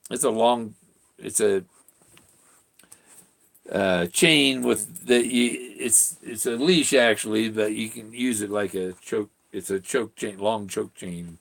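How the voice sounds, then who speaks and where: Slow, gravelly-voiced man rambling. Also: lowish voice, fairly bright tone. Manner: rambling, chuckling, trailing off mid-sentence. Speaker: vlogger. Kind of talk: casual rambling chat. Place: outdoor campsite.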